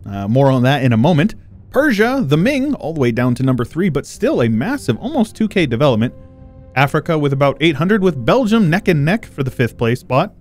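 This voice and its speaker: Man, host of a strategy-game channel; animated, jokey delivery, faint music underneath. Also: mid-range voice. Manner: joking, laid-back, quick asides with chuckles. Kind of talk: casual gameplay commentary.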